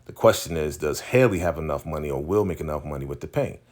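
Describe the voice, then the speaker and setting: A man recapping a TV episode in casual chat, retelling it in an animated way with slang and lots of fillers. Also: extremely low pitch, fast talker. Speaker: TV recap host.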